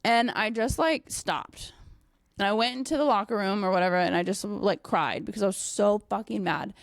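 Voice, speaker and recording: A young woman and dog trainer telling a casual story, animated, with many fillers and frequent swearing. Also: medium pitch, moderate pace, gravelly, no echo, studio quality. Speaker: dog trainer and company owner.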